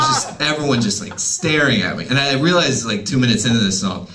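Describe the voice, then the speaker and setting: A man's voice: mid-range voice, lively intonation, a little fast, few pauses, background noise. A man in his thirties doing a wry, self-deprecating stand-up comedy set at an open mic night.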